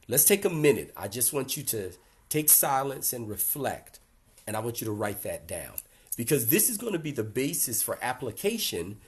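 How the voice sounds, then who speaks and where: An older man speaking earnestly to a support group in a reflective workshop talk, gently emotional, with pauses. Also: medium pitch, breathy edge.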